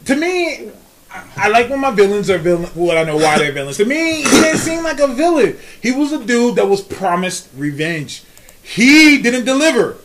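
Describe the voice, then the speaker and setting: A man co-hosting a casual movie review podcast, relaxed and slangy, reading out listener comments. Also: high voice. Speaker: podcast co-host.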